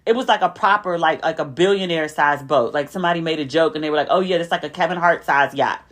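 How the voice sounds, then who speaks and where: A woman's voice: fast talker, fairly bright tone. Chatty woman host telling stories. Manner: chatty storytelling, acting out quotes with a raised pitch. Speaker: podcast host. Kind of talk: casual chat.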